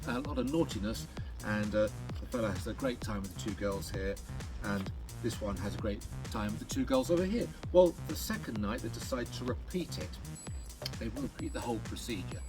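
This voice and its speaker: A man's voice: lowish voice, lively intonation, fairly quick, music in the background. A man, a magician, talking through card tricks in a chatty, playful way, counting cards aloud as he goes. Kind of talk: patter while performing card tricks.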